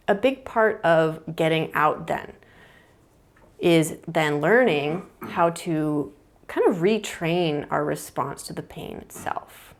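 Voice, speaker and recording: A woman's voice: low-pitched, creaky. A young adult woman, a mind-body therapist, explaining ideas casually and thoughtfully at a whiteboard, with many fillers.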